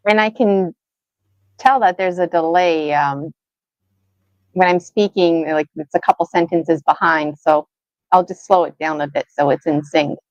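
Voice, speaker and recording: Woman, casual livestream chat, smooth clear voice, slightly dull lo-fi sound. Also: low-pitched, unhurried, no room sound. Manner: chatty, thinks aloud, fillers. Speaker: co-host and gemstone reader. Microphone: video call.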